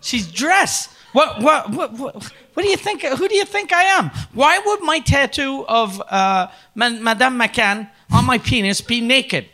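A man's voice: sing-song, normal speed, pushed and bright, full character voice. A man from improvising a campy, flamboyant male company president in a comedy sketch, teasing and theatrical. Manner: theatrical, teasing, swoops up high.

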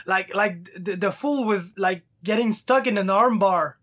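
A man's voice: high voice, unhurried, a bit bright. A man hosting a podcast, chatting in a loose, sweary, laid-back way. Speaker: podcast host. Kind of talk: casual chat with a guest.

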